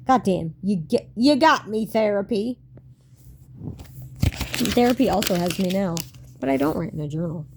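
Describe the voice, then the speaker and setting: A woman's voice: mid-range voice, expressive, moderate pace, vocal fry, pauses often, background noise. A woman in her late twenties reading her old diary aloud and commenting on it in a wry, self-mocking way, swearing and laughing often.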